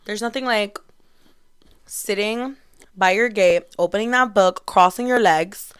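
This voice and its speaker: A woman's voice: medium pitch, a little slow, a bit bright, smooth. A young woman in her twenties hosting a casual solo podcast, chatty and bubbly, storytelling with lots of "like". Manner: chatty, bubbly, heavy use of "like". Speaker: podcast host.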